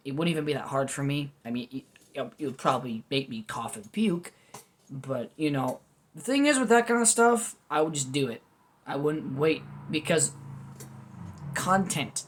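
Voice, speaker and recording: In a mid-range voice with lively intonation and an ordinary pace, a man gives an off-the-cuff food review at home. He wanders topic to topic, candid and self-deprecating, sprinkling in goofy asides.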